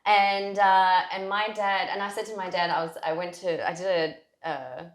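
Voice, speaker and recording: Low-voiced woman telling a heartfelt story. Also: steady tone, moderate pace. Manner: heartfelt, rambling with many "like"s and restarts. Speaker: podcast guest. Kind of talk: emotional personal storytelling. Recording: roomy echo.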